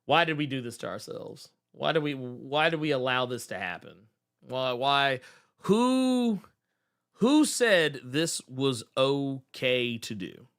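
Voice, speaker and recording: Laughing often, a male live-stream host jokes around with viewers in a casual, profane, exclamatory style. He has a mid-range, slightly bright voice with lively intonation and an unhurried delivery.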